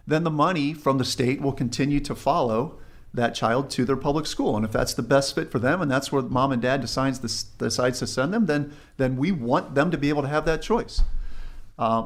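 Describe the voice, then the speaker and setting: A man on a podcast calmly walking through school funding figures in an explanatory way. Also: mid-range voice. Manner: steady explanatory, walks through numbers. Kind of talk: podcast discussion.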